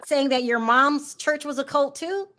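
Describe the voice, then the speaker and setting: A woman's voice: sits high, measured pace, sharp tone. A woman hosting a casual interview, prompting her guest with questions. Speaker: host.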